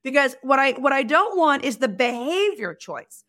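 A woman talking as a podcast guest about communication, with a somewhat high-pitched voice. She speaks emphatically and animatedly, acting out short exchanges as she explains. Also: normal speed. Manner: animated, emphatic, acts out dialogue. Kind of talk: podcast conversation.

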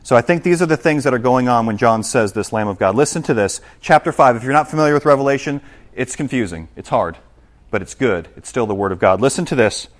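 A man preaching a sermon in church, dropping to quiet asides and rising to loud, slowed, climactic scripture reading. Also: medium pitch, animated. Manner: preaching with big swings between soft asides and loud, slow, climactic reading. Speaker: pastor.

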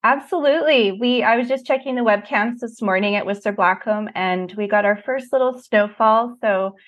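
A woman's voice: a little high, moderate pace, a bit bright, highs cut off. A woman speaking as an enthusiastic guest in a casual interview chat, describing things in an upbeat way. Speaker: guest, ski resort expert.

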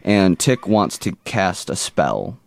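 A man's voice: sits low, very animated, slow pace, gravelly, no echo. A man co-hosting a podcast, recapping a TV episode in casual chat with jokey, rambling asides. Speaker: podcast co-host.

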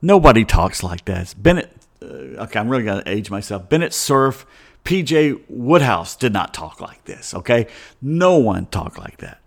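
A man's voice: fairly low pitch, sing-song, moderate pace, gravelly. A middle-aged man hosting a show, chatting in a loose, opinionated monologue full of digressions and chuckling asides. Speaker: host. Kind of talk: casual rambling monologue.

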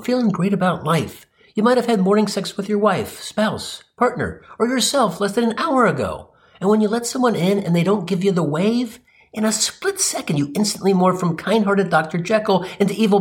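A man's voice: high-pitched, lively intonation, normal speed. A man telling a comedic story as a monologue, ranting in an exasperated, sarcastic way.

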